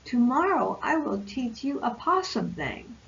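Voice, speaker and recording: A woman voicing an eager, bold young male possum from a picture book, speaking in a quick, excited way. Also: sits high, gravelly, highs cut off, slight background noise, heavily acted. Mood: happy.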